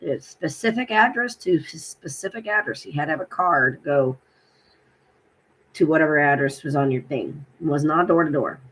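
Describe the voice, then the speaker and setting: A woman's voice: low voice, moderate pace, fairly bright tone. A woman vlogging casually, animatedly retelling phone calls and acting out both sides. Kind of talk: casual personal vlog.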